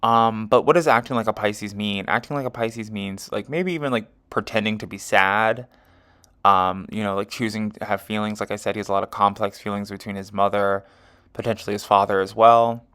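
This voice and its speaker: Speaking a little fast in a steady, clean, slightly bright voice on the low side, a male astrology and tarot reader reads a chart. His casual monologue wanders, full of "um" and "you know," with frequent self-corrections.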